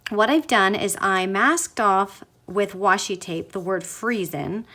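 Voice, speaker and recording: A craft demonstrator with a mid-range, fairly bright voice walks through a paper craft project step by step. Her tutorial is chatty, and she often gushes about how cute it turns out.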